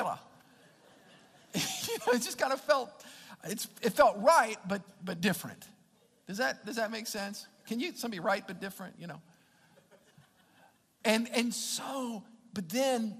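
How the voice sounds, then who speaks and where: A man's voice: high-pitched, animated, normal speed, long pauses, fairly bright tone, breathy edge, long reverb tail. A man preaching as a pastor, emphatic, often repeating words and restarting his phrases. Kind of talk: sermon.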